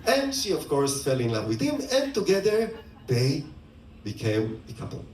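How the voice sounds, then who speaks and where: Playful male storyteller: lively high voice, slow telling, distant roomy mic. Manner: animated, playful, laughing asides. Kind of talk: retelling a myth to an audience.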